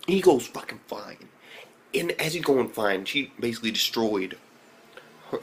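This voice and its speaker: A young man giving a casual, profane, excitable recap of an anime episode, often breaking into high exclamations. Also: slight background noise. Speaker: anime reviewer.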